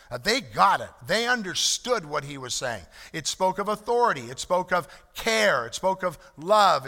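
A man's voice: a little high, creaky, bright, forceful tone, long reverb tail. A man preaching a sermon, earnest and emphatic, repeating key phrases as he explains a scripture passage. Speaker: pastor.

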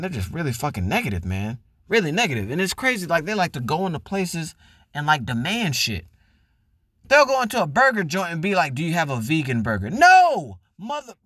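A man's voice: medium pitch, no room sound, studio quality. A man hosting a podcast, delivering a profane, mocking comedic rant and acting out the people he mocks. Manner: loud, profane, mocking, acts out voices. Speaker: podcast host.

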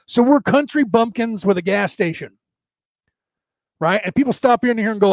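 A man in his fifties in casual chat, rambling and animated with plenty of profanity. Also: high-pitched, normal speed, vocal fry, pauses often, no room sound. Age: 50s.

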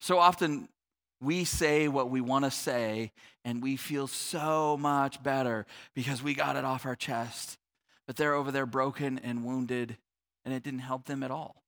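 A man in his forties preaching a sermon as a pastor, earnest, repeating words as he builds his point and dropping to a soft low voice to reflect. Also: big-room sound.

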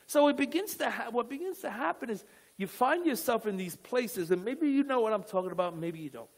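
A man's voice: very high-pitched, expressive, fairly quick. A male pastor preaching a sermon with fervent, emphatic delivery and asides to the congregation.

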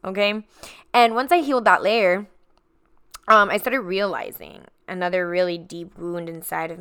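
A woman's voice: mid-range voice, pushed and bright, smooth, dry recording, clean studio sound. A woman hosting a podcast, telling a personal healing story in an emphatic, repetitive way and addressing listeners as guys. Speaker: podcast host.

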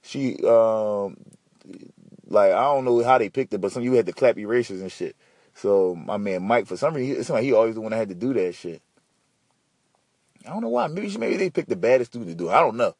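A man hosting a podcast, ranting and telling stories in a slangy, profane, animated way. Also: fairly low pitch, brisk, no room sound, clean studio sound. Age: adult. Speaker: podcast host. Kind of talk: casual solo podcast rant.

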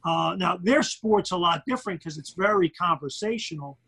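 A middle-aged basketball commentator with a Brooklyn accent, chatting animatedly in an interview and tripping over repeated words. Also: male voice, high-pitched, lively intonation, moderate pace, gravelly, background noise. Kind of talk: casual interview chat.

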